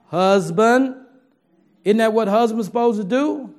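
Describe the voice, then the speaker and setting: A man's voice: high-pitched, measured pace. A man preaching a sermon to his congregation in a folksy, humorous way, talking straight to the listeners.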